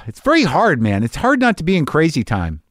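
This fifties-aged podcast host talks at a normal speed with a medium pitch and huge swings in intonation, wandering through a candid, self-deprecating, heavily profane monologue. He uses a studio mic in a home garage, and the sound is echo-free and studio quality.

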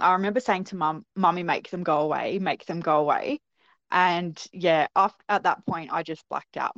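Woman, young adult, interview guest, animated storyteller, lowish voice, dry lo-fi sound. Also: dry recording. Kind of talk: recounting a personal experience.

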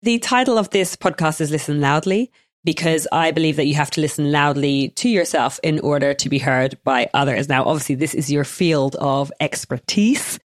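A woman's voice: deep voice, moderate pace, no room sound, clean studio sound. A woman hosting a podcast interview, talking in a reflective, affirming way. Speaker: podcast host. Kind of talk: conversational interview.

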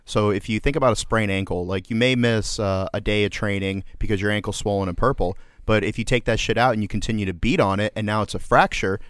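A man's voice: fairly low pitch, fairly even intonation, fast talker, few pauses, a bit bright, clean tone, no echo. Joking male podcast host, dry room. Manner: crude joking, playful, lots of fillers. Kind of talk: casual banter.

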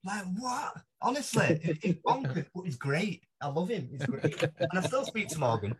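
A man telling a long story as a podcast guest, animated and laughing often, slipping into voices for the people in it. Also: high-pitched, normal speed, a crowd in the background. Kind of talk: casual anecdote telling.

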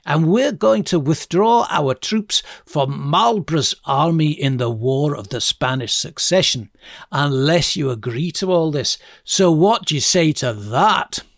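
A man's voice: fairly high pitch, expressive, measured pace, no echo, clean studio sound. A man voicing the indignant Scottish parliament in a put-on Scottish accent. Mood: defiant. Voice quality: self-declared terrible accent.

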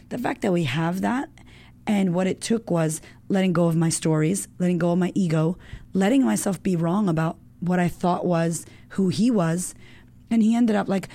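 A woman in her thirties tells a personal story as a guest, animated and emotional, with lots of fillers and casual swearing. Her voice is gravelly and mellow, sitting a little low. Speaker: guest, women's coach. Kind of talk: casual chat.

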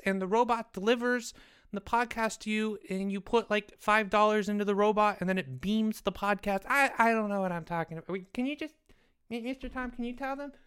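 A woman voicing Jeffrey, a scatterbrained, excitable young boy who rambles as a comedy podcast co-host. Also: medium pitch, smooth, natural voice. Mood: excited. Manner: scatterbrained, rambling, easily sidetracked.

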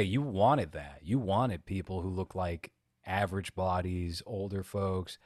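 A man's voice: low voice, normal speed, no echo, clean studio sound. A man co-hosting a podcast in casual chat, crude and sarcastic, rambling through long asides. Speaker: podcast co-host.

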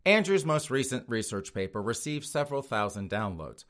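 A male podcast host delivers scornful commentary from a studio, pausing often to chuckle at his own jabs. His voice sits at an ordinary middle pitch, and his tone stays sneering and mocking throughout. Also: sing-song, fairly bright tone. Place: studio outside Boston.

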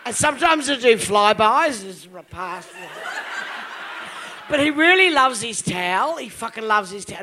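A woman's voice: on the high side, lively intonation, normal speed, bright, forceful tone. A woman in her fifties with an Australian accent doing live stand-up comedy, crude and full of swearing. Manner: bawdy, crude, heavy swearing. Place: live comedy venue stage.

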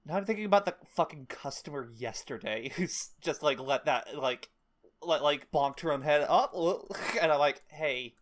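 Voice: mid-range voice, expressive, moderate pace. A podcast co-host in casual chat who jokes, swears often and laughs a lot.

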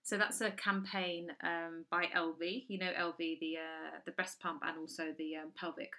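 Female co-host, bright tone, blunt and animated. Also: fairly low pitch, moderate pace. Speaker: podcast co-host. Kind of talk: casual chat.

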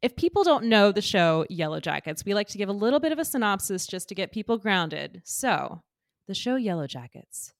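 A woman's voice: mid-range voice, sing-song, fairly quick, no echo. A woman co-hosting a podcast, playful and giggly in casual chat. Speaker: podcast co-host.

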